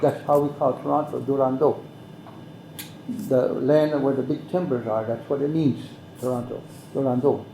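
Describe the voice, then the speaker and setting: An older man tells a story at an unhurried pace. His voice is gravelly and mellow. The recording has the echo of a roomy space. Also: mid-range voice, fairly even intonation, slight background noise. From Mohawk Valley, New York. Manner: measured, repetitive, speaks some phrases in Mohawk. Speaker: guest elder. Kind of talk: slow oral storytelling.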